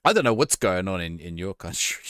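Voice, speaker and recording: A man's voice: low-pitched, sing-song, a little fast, a bit bright, clear, resonant tone, dry recording, studio quality. A man chatting casually to his viewers on a live stream, laughing and reacting to a match as he talks. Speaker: livestreamer.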